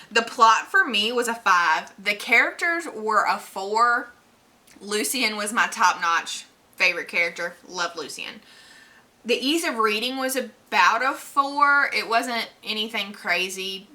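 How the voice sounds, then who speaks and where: A woman's voice: mid-range voice, bright, forceful tone. A woman recapping books she has read in a casual vlog, chatty and rambling, with lots of fillers. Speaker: book vlogger.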